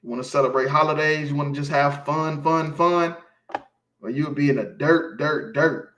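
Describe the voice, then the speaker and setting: A slightly high, fairly bright voice at normal speed carries this street preacher's emphatic scripture lesson. He preaches informally and returns constantly to the question "you feel me." There's a roomy quality to the sound.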